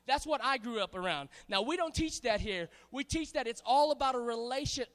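A man from Hawaii preaching a sermon to a congregation, animated and playful, calling on the crowd to answer back. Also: very high voice, a little fast. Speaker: pastor. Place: church hall. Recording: hall reverb.

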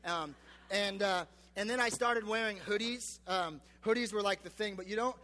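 Bright-voiced joking young man preaching. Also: high voice, moderate pace, big-room sound, a little hiss or hum. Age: 20s. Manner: chatty, joking, self-deprecating, many fillers. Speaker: youth pastor. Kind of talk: casual youth sermon.

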